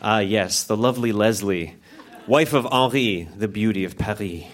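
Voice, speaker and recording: A man's voice: lowish voice, normal speed. A man on stage at a live show, reading aloud stories he wrote as a child and jumping into put-on voices for the characters. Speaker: reader at a live storytelling show.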